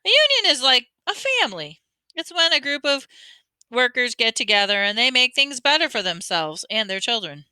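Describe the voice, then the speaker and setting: A woman's voice: sits high, sing-song, moderate pace, sharp tone, smooth, no echo, pitched above the performer's own voice, exaggerated voice. A woman reading aloud, voicing a kindly, teasing older man who talks folksy and calls the boy "bud". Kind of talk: audiobook reading.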